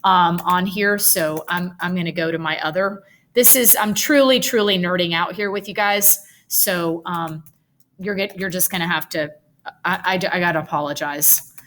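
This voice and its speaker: A woman's voice: lowish voice, normal speed, fairly bright tone, a little hiss or hum. A woman tutoring writing, thinking aloud as she drafts a paragraph, chatty and self-correcting with nerdy asides.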